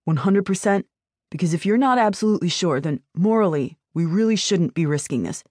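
Worried nagging young guy, woman reading him, low-ish voice, dry close sound. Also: lively intonation, brisk, warm tone, no echo. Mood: anxious. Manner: nagging, repeating himself. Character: anxious young man, persistent worrier.

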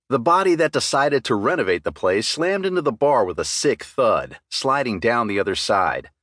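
A man's voice: fairly low pitch, a bit bright, dry recording, studio quality. A man narrating a fantasy audiobook in first person with dramatic storytelling.

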